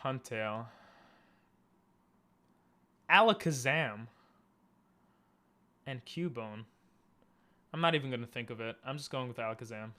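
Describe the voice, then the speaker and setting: Streaming a game live from his room, a man talks to himself in halting, frustrated bursts, often restarting and laughing. His commentary comes in a medium-pitched voice that is animated, pushed, and bright.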